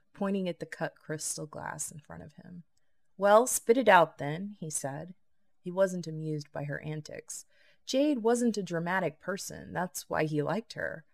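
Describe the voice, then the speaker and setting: A woman narrating a novel as an audiobook, steady and even. Her voice is low and gravelly throughout. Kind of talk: scripted narration.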